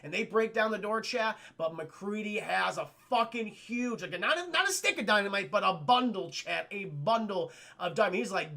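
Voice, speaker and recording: A man's voice: sits high, vocal fry. A man streaming live, recapping a film scene by scene for his chat in a loose, profane way and acting out the characters' lines. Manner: animated, acts out characters' lines in quick changes of voice; swears a lot and keeps addressing the chat.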